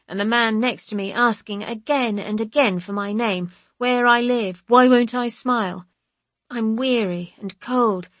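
Breathy woman narrating a wry audiobook. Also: mid-range voice, dry recording. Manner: wry, measured, expressive. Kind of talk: scripted first-person audiobook narration.

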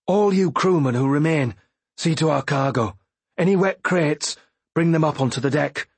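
A man voicing a brisk ship captain giving orders to his crew in an audiobook. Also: fairly high pitch, slightly rough, dry recording, voice pushed up. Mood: commanding.

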